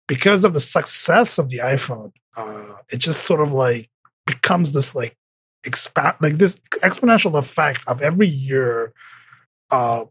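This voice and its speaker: A man hosting a casual podcast chat, talking in halting bursts full of filler words. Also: mid-range voice, a bit bright, husky, dry recording. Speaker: podcast host.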